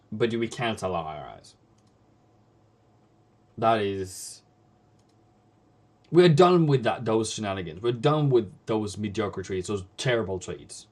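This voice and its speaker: A man with Norwegian as his first language hosts a live trading stream. He scolds bluntly and repeats phrases for emphasis. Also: medium pitch. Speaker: forex trading livestream host.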